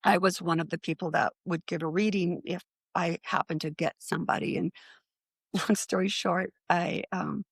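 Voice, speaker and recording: A woman, a psychic medium, chatting as an interview guest with a slightly gravelly voice, telling a long story. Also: lowish voice, steady tone, normal speed, no room sound. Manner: chatty, acts out other people's lines in quotes.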